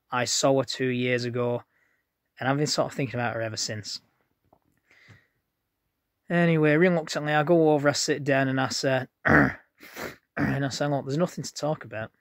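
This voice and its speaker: A chatty man tells a rambling story of his own to his viewers. His voice sits at an ordinary middle pitch, and the room sounds dry and close. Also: no room sound. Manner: chatty, rambling, plain-spoken. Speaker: vlogger. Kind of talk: casual storytelling to camera.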